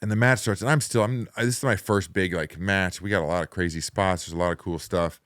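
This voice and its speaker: A man in his forties, a guest on an interview show, telling a story in a lively way that swings between loud excited bursts and quiet low asides. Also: fast. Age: 40s. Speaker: guest, professional wrestler.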